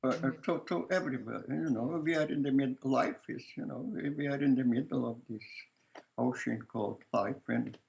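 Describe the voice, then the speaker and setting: An older man with a strong Lithuanian accent, a filmmaker answering interview questions in a halting way, searching for words and often restarting, with soft laughs. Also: mid-range voice, vocal fry, low-quality recording. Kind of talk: casual conversation.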